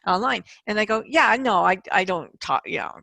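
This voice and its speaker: Gravelly-voiced woman host, candid. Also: medium pitch, expressive, fairly quick, bright, forceful tone, no echo. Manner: candid, storytelling with quoted voices. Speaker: podcast host. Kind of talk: casual interview chat.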